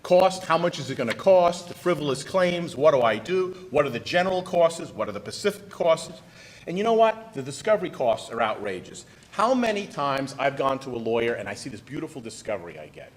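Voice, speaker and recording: A man's voice: mid-range voice, low-quality recording. A middle-aged man, a trial lawyer from the United States, giving a conference presentation in a folksy, punchy manner and talking straight to the audience.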